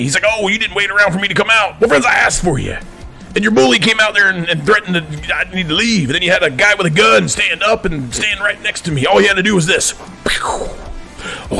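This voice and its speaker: Gravelly, indignant veteran man preaching to "friends". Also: on the high side. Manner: addresses listeners as friends constantly, indignant, swings between soft and shouting. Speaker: veteran vlogger. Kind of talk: preachy monologue to viewers.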